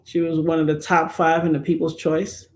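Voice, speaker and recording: A middle-aged woman hosting a livestream, chatting casually and telling animated stories while acting out the voices she quotes. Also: sits low, moderate pace. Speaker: livestream host. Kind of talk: casual storytelling chat.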